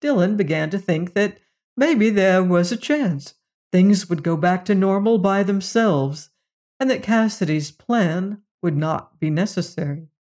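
Audiobook narrator; slow, measured, even storytelling. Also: medium pitch.

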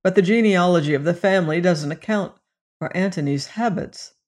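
An audiobook narrator voicing a calm, hesitant young male student in a storybook reading. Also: medium pitch, a little fast, close to an everyday voice.

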